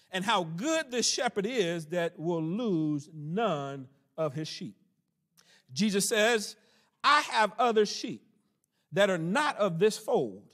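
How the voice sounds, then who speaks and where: High-voiced preaching man, drawn-out emphasis. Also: fairly bright tone. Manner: preacherly, drawn-out emphasis on key phrases, folksy asides. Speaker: pastor teaching Bible study. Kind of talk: sermon-style Bible teaching. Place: church.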